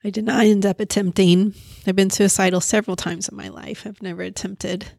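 A woman's voice: mid-range voice, level tone, brisk, gravelly, darkish tone, no echo, clean studio sound. A woman therapist explaining a coping skill in a casual, conversational way, thinking aloud as she goes. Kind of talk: casual teaching talk.

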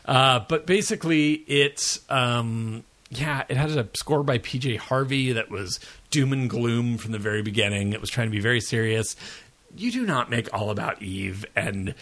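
A man's voice: medium pitch, moderate pace, a bit bright. A man co-hosting a casual pop culture podcast, rambling and self-deprecating with lots of fillers, and jet-lagged. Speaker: podcast co-host.

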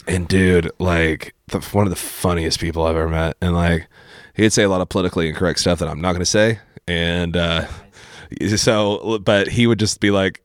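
A young man with a very low voice tells casual stories as a podcast guest. He acts out other people's lines and keeps saying "dude," and the sound is dry and close. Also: normal speed, clear, resonant tone, no echo. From Appalachian Kentucky. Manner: animated storyteller who acts out quotes, says dude a lot. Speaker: podcast guest, former high school teacher. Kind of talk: casual storytelling chat.

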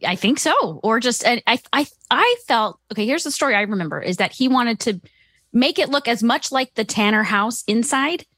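Co-host, woman, 40s, friendly chatter, slightly high, dry sound. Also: lively intonation, a bit bright, no echo. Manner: chatty, quick to agree and laugh. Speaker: podcast co-host. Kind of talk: casual chat.

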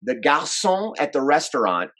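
A man who grew up in France, coaching on relationships in a casual podcast chat, instructive and energetic, often repeating words. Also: a little high, normal speed, poor audio.

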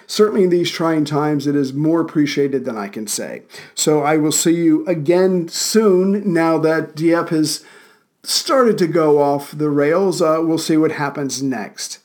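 A man's voice: fairly high pitch, unhurried, darkish tone. A man hosting a history podcast from Central Virginia, narrating events with dry, wry asides and thanking listeners casually.

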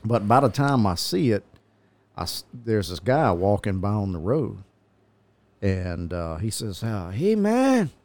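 A man with a low, dark, mellow voice tells a rambling story in casual conversation. He is a police officer who often chuckles as he goes. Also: measured pace. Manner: chuckling, meandering anecdote-telling.

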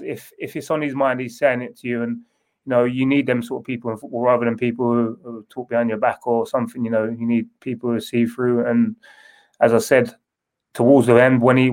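A man's voice: medium pitch, rough recording. A man, a former footballer answering interview questions in a loose, rambling way with many restarts. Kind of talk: casual interview.

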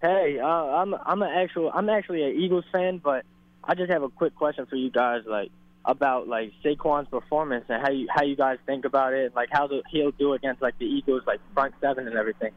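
A man's voice: mid-range voice, steady tone, fairly quick, no room sound. A man calling in to a radio show, asking questions hesitantly and padding them with "like.". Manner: hesitant, many "like" fillers. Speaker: caller. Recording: dry muffled phone line.

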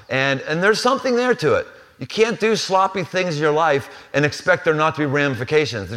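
Male pastor, live sermon, casual and joking, slightly higher voice. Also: fairly bright tone. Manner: conversational, humorous, acts out scenes. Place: live church venue.

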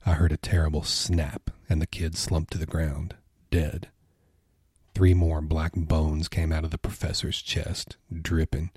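Deep-voiced man narrating horror. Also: level tone, unhurried, a little mellow, slightly rough, no echo, clean studio sound. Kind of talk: first-person horror story narration.

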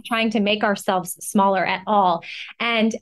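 A woman's voice: mid-range voice, fairly even intonation, measured pace. Encouraging woman podcast host. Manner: warm, encouraging and emphatic. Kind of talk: casual podcast interview.

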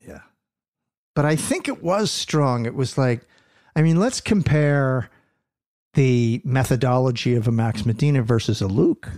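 A man talking in a lively, swooping voice with a gravelly rasp, chatting casually as a podcast co-host. He trips over restarts and leans on sports slang, all in a dry, close-sounding room. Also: medium pitch, measured pace, no room sound. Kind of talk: casual chat.

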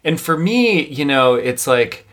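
A man co-hosting a podcast, speaking in a relaxed, reflective way as a dad. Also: fairly high pitch, slow. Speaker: podcast co-host. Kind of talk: casual podcast conversation.

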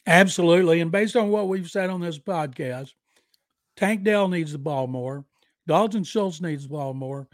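A man's voice: fairly high pitch, moderate pace, no room sound. An older man co-hosting a sports podcast, giving dry, matter-of-fact takes on football. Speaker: football writer and co-host.

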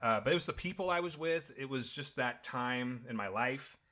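A man's voice: mid-range voice, animated, normal speed, sharp tone. A middle-aged man in casual chat, telling rambling, enthusiastic stories.

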